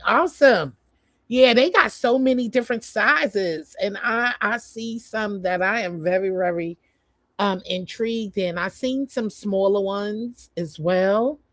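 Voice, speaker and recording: Woman rambling slow on a home livestream, lots of ums, dry close sound. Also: medium pitch, no room sound. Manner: chatty, rambling, lots of fillers. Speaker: vlogger. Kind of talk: casual live stream chat.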